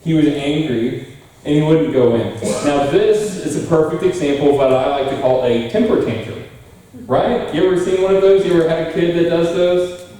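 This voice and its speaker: A young pastor preaches a conversational sermon in a church sanctuary, putting questions to the congregation. His voice is a little high and warm, recorded far from the mic in a very echoey room.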